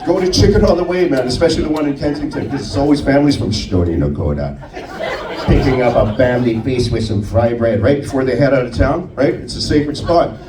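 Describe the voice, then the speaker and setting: A male stand-up comedian works the room with a lively, swooping delivery. His voice sounds roomy and a little distant, picked up from across the club, with faint room noise behind. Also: medium pitch, brisk, a crowd in the background. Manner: animated storytelling with put-on voices.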